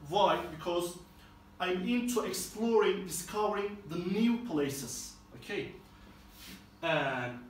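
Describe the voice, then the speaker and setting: Slow-speaking male teacher in an echoey room. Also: sits high, a bit bright, recorded from a distance, a little hiss or hum. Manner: slow, explains step by step. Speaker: English teacher. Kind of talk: classroom lesson explanation.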